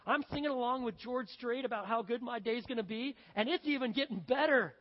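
A boastful royal official crows about his good fortune, loud, smug and excited, as a man puts him on. The sound is dull and lo-fi, with a long reverb trailing each line. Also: high-pitched, normal speed, breathy edge. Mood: gloating. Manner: excited, self-important, exclaiming.

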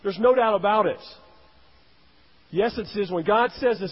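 A man's voice: high-pitched, moderate pace, long pauses, husky. A man preaching a sermon as a pastor, emphatic, rising and dropping his voice to stress points. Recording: dull, roomy hall sound.

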